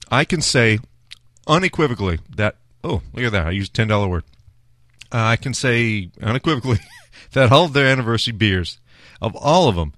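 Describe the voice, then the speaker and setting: A man's voice: fairly low pitch, no echo, studio quality. A man hosting a food and beer show, chatting casually through a beer tasting with many filler words. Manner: chatty, relaxed, with frequent "uh" fillers.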